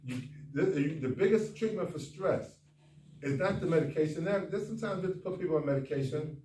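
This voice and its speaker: Doctor, male, animated folksy speaker, distant mic, faint noise behind him. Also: a little high, a little fast. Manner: folksy, animated, talks straight to the audience. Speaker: doctor speaking at a men's conference. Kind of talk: conference talk. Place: conference room. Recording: echoey hall, far from the mic, faint noise.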